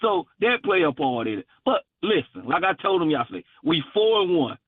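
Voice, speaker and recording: A high, animated man calls in over a tinny, dry phone line. He speaks emphatically and folksy, hammering his points home by repeating them. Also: brisk, slightly rough, no room sound. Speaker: regular sports caller. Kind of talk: animated sports talk.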